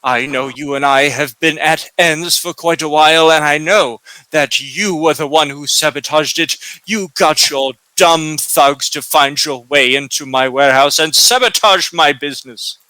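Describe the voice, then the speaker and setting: A man's voice: unhurried, bright, forceful tone, smooth, no echo. A man voicing an angry young male half-elf merchant who accuses a rival. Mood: furious. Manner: accusing, furious, raised pitch.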